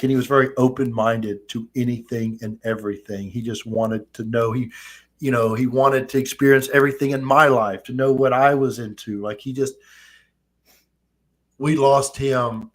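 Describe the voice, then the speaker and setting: A man in his thirties hosting a live-streamed talk, telling stories in quick animated bursts. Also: mid-range voice. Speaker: host. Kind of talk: casual live-stream chat.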